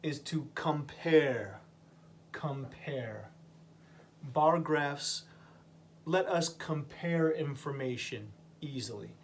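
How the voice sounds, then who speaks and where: A man teaching a vocabulary lesson to English learners, speaking slowly and patiently and repeating each word. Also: on the high side, slight background noise.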